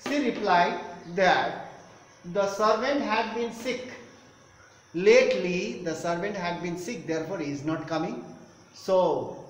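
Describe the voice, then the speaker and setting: Slow, high-voiced teacher. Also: male voice. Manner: explains word meanings, repeats phrases. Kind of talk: online class, explaining a story. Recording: echoey room with faint noise.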